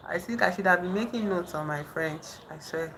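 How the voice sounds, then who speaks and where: A woman casually chatting on a livestream with viewers, haltingly trying out French phrases. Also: on the low side, background noise. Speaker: livestream host. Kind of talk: casual live chat with viewers. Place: indoors in the dark at night.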